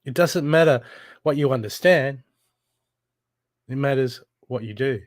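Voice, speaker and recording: A man's voice: mid-range voice, a little slow, dry recording, studio quality. A man giving a live intuitive reading, blunt and urgent, swearing freely as he presses the listener to heal. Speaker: spiritual reader.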